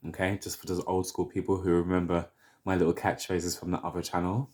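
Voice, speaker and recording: A man in his thirties with a London accent, chatting casually to camera as a hair vlogger, chatty and opinionated with drawn-out asides. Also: low-pitched, level tone, a little mellow. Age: 30s.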